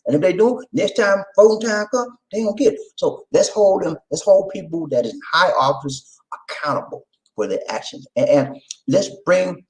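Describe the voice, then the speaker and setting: Lively man with animated pitch shouting out viewers. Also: moderate pace, low-quality recording. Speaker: vlog host. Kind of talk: casual direct-to-camera chat.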